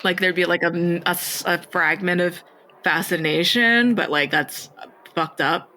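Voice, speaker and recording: A young man co-hosting a comedy podcast, rambling and hesitant, quick to laugh. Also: high-pitched, fairly even intonation, bright, forceful tone, low-quality recording. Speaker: podcast co-host. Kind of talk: casual comedic chat.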